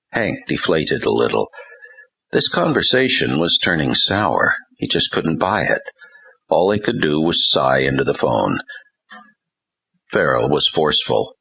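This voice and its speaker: A man narrating an audiobook in a measured, unhurried way. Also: extremely low pitch, very animated, gravelly, sharp tone, slightly rough, dull audio. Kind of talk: scripted narration.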